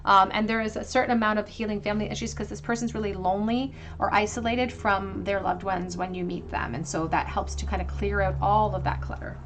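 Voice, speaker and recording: A woman giving a pick-a-card tarot reading to viewers, talking gently and reassuringly and thinking aloud with frequent ums. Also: mid-range voice, steady tone, fairly quick, few pauses, noisy background. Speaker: tarot reader.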